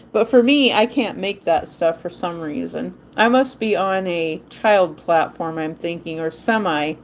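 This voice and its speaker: Slow-talking, chatty woman streamer. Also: medium pitch, slight background noise. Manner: rambling and chatty, laughing often. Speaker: livestream host. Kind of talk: casual live-stream chat.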